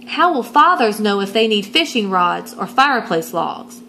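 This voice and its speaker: A woman's voice: medium pitch, sing-song, normal speed, bright, forceful tone, a little hiss or hum. A woman reading a picture book aloud, voicing a bossy, cheerful young female groundhog twin in an eager, coaxing way.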